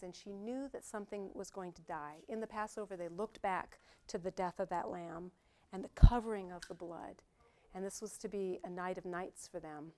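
A middle-aged woman teaching a Bible study in a chatty, lively way, often laughing as she explains. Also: medium pitch.

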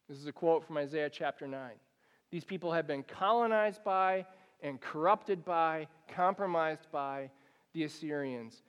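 A man preaching as a pastor, emphatic and repetitive, with dramatic pauses. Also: on the high side, smooth, long reverb tail. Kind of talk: sermon.

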